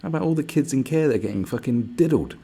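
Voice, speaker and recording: A man's voice: mid-range voice, expressive, fast talker, gravelly, warm tone, slightly rough. A man ranting to camera, sarcastic and mocking, swearing a lot. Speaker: vlogger. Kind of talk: angry profane rant.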